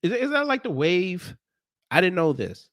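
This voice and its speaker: A man doing reaction commentary in a fairly high, lively voice that swings up and down. He sounds exasperated and sarcastic, and he stammers through restarts. The recording is dry and close. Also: normal speed, no echo. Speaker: commentary vlogger.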